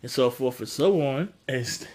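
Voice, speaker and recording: Animated man acting out scenes. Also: normal speed. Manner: animated, acts out characters' lines with big pitch jumps and laughter. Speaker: podcast co-host recapping a TV episode. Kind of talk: casual chat.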